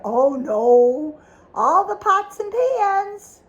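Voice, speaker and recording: A woman's voice: very high voice, slow pace, dull audio. A woman reading a picture book aloud to a child, stopping often to ask questions about the pictures. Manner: animated, asks the child questions.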